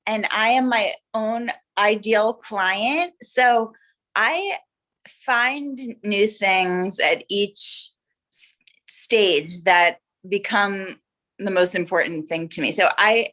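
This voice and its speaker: A woman speaking slowly and thoughtfully on a casual group video call. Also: mid-range voice, pushed and bright. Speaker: call participant.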